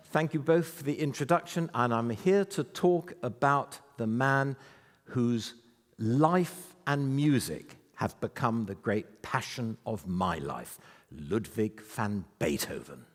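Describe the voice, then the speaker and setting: A man in his eighties giving an anecdotal, self-deprecating talk about his life to a festival audience. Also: mid-range voice. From United Kingdom. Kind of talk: storytelling lecture to a live audience. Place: festival venue before an audience. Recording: reverberant hall.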